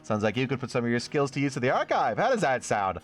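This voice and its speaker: A man's voice: medium pitch, very animated, quick pace. A man voicing a friendly male goat archivist who speaks in an upbeat, welcoming way.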